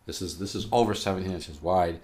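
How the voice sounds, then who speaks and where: Low-voiced man teaching guitar. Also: a little fast, a little mellow. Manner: rambling, restarts, emphatic about practice. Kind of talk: casual guitar lesson. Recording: faint guitar playing behind.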